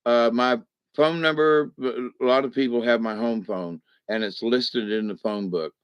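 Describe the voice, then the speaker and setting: A man's voice: medium pitch, steady tone, measured pace, smooth, no echo. Guy rambling through a folksy spiritual talk, kinda muffled dull audio, dry sound. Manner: rambling, folksy, acts out voices. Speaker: spiritual teacher. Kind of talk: casual spoken lesson.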